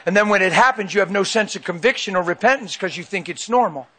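A man's voice: high voice, animated, quick pace, few pauses, bright, forceful tone. A man preaching a sermon into a handheld mic, emphatic and repeating phrases for weight.

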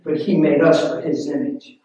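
A man preaching a sermon, telling a personal story in a hushed voice and rising into loud, emphatic preaching. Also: a little high, flat delivery, normal speed, muffled recording, slight background noise. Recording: echoey room, voice from far off.

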